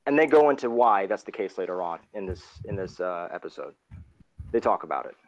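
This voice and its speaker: A man's voice: deep voice, expressive, a little fast, lo-fi sound, a little hiss or hum. A man co-hosting a casual live discussion, explaining his points with many restarts over an online call.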